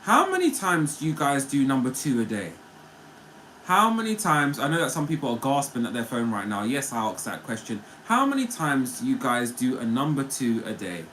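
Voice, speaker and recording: Over poor audio with a bit of hiss or hum, a man with a mid-range, slightly bright voice and big pitch swings talks at a normal speed. He's a livestream host casually chatting with viewers and reading their comments, playful and talkative, frequently laughing.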